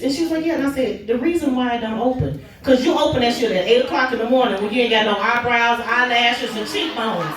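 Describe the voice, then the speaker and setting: A stand-up comedian from Oklahoma, telling animated stories about her kids. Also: fast talker, hardly any pauses. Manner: animated, jumps high in pitch for punchlines. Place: comedy club stage. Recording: echoey club from a distance.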